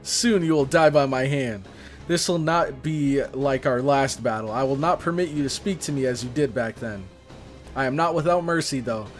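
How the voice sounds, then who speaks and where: A man's voice: mid-range voice, normal speed, soft background music, close to an everyday voice. A man reading the lines of a proud, furious female warrior queen in a haughty, mocking tone. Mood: scornful.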